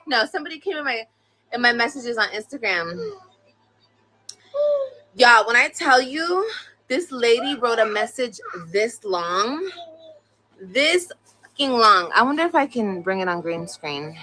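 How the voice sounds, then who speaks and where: A woman's voice: fairly high pitch, expressive, measured pace, sharp tone, a little hiss or hum. A young woman on a casual live stream, blunt and profane, scolding her children between complaints about critics. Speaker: livestreamer.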